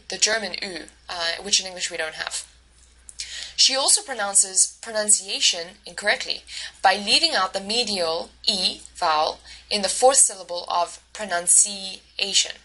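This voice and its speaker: Bright-voiced woman lecturing with many fillers. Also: mid-range voice, measured pace, rough recording. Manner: explanatory, with frequent fillers and self-corrections. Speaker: university instructor. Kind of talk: recorded lecture.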